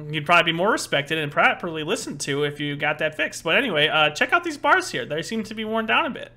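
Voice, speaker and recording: A man plays a druid at a tabletop game, speaking in character. His voice is very bright and a bit high, and he rambles with plenty of filler and jokes. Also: big pitch swings, fast. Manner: rambling and joking, with lots of "uh" and self-corrections. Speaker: player voicing a druid. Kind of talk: casual in-character tabletop play.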